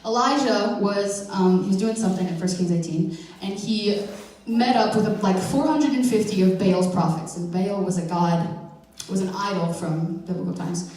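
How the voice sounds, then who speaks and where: A young woman gives an informal sermon in a chatty, playful way, full of fillers and quick self-corrections. Her voice carries through a big hall with a long, booming echo, and she sounds some way off from the mic. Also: a little mellow. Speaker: youth speaker giving a church message. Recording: echoey hall from far off.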